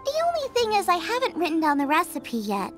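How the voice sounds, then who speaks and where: A woman's voice: extremely high pitch, loud music behind the voice, exaggerated voice. A woman playing a cheerful, food-obsessed young female chef in a video game, bubbly and eager. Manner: bubbly, enthusiastic, rapid excited outbursts.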